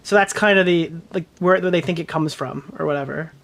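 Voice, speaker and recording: A man casually commentating on his livestream, rambling excitably with lots of swearing. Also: fairly high pitch, fairly quick, gravelly.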